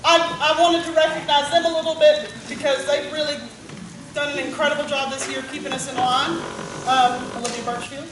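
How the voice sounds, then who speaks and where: A woman who directs a band, announcing student awards at a banquet and calling out names with warm pride. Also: high voice, little pitch movement, a little fast. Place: school gym. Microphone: far from the recording device. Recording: echoey gym taped from far off. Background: crowd murmur and noise.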